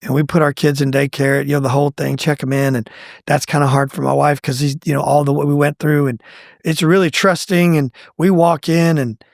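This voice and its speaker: A middle-aged man telling his own faith testimony in a conversational, animated way, acting out what people said. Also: brisk, creaky, dry recording, studio quality. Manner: animated, acts out quoted lines with pitch jumps. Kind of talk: conversational storytelling.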